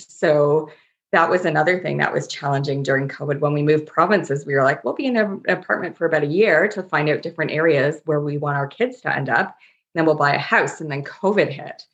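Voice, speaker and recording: A woman's voice: low voice, moderate pace, a bit bright. A middle-aged woman, a family doctor, chatting in an interview and telling funny stories about herself with frequent laughs. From Canada. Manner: laughing, self-mocking storyteller. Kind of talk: casual interview chat. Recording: dull lo-fi audio.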